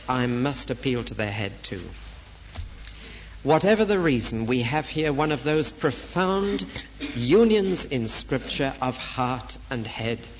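Slow, earnest male preacher on old tape. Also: mid-range voice, a little hiss or hum. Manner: slow, earnest, pleading teacher. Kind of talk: expository sermon. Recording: dull lo-fi tape recording.

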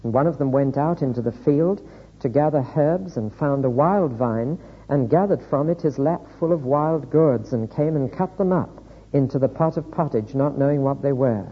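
A man preaching a sermon, reading scripture aloud in a measured, deliberate way. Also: medium pitch, breathy edge. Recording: echoey hall, dull lo-fi sound.

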